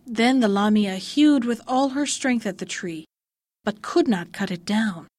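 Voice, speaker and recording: A woman storyteller reading a fairy tale aloud in a calm, measured way. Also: medium pitch, dry recording.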